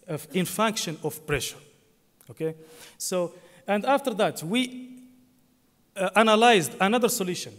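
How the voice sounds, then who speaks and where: Here a conference presenter, male and high-voiced, gives a technical talk whose sound carries a long hall reverb. He falters frequently, filling gaps and correcting himself.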